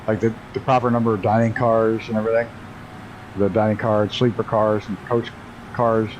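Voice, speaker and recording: A man's voice: lowish voice, level tone, moderate pace, a little mellow, lo-fi sound, a little hiss or hum. A man casually talking to his chat while flying a flight simulator, swearing freely and laughing at his own mistakes. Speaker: flight sim streamer. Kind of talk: casual live-stream commentary.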